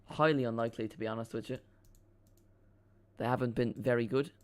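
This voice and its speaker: A man's voice: medium pitch, steady tone, a little fast. A man hosting a live football watchalong stream, chatting casually and rambling as he reacts to the chat and the match.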